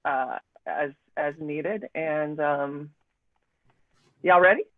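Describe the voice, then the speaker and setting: A woman playwright reading stage directions in a relaxed, mid-range voice. The line sounds thin and phone-like, with a completely dry sound. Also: low voice, drawn-out words, no room sound. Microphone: video call.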